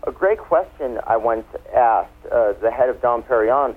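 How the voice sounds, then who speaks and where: Over a tinny phone line, a U.S. wine expert chats playfully through his explanations as a radio interview guest. He has a mid-range, expressive voice and speaks at a moderate speed.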